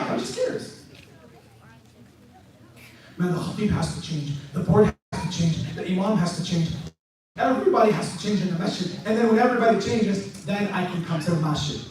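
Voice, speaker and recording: A man answering questions from a congregation in a lively, sarcastic, joking talk, his voice tiring. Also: sits high, fast. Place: mosque hall. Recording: echoey hall from far off.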